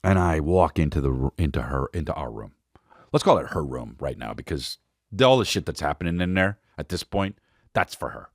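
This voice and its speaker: Male comic podcast host, lively pitch swings, dry close sound, profane storytelling. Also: brisk, no room sound. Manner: animated, profane, rambling. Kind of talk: comedic storytelling.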